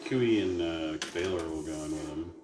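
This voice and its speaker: A man's voice: very deep voice, normal speed. A man playing a tabletop game, asking questions and planning moves aloud in casual chat. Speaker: player. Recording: roomy sound with music.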